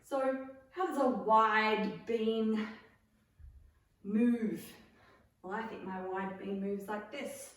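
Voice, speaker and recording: A woman drama teacher running an online class for children, playful and calling out cues with bursts of excitement. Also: medium pitch, takes it slowly, pauses often. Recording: echoey room, mic far off.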